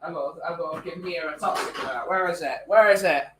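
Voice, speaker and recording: A man's voice: fairly high pitch, fairly quick, noisy background. A man chatting casually on a live stream, rambling with lots of fillers.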